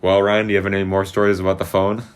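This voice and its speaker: A teenage boy hosting a casual podcast, excitable and swearing, full of fillers. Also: low voice, racing, clean tone. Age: teens. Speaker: podcast host. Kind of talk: casual chat.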